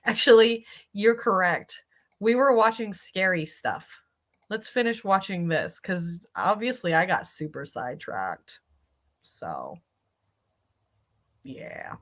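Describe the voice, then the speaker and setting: A woman's voice: mid-range voice, big pitch swings, slow. A woman streamer reacting casually to videos, chatty and sympathetic, swearing freely.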